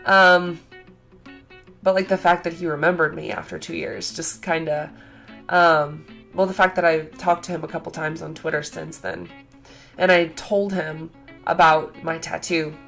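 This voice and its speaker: A young woman vlogging in casual chat, gushing and excitable, full of "like" fillers. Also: sits low, measured pace, gravelly, faint music behind.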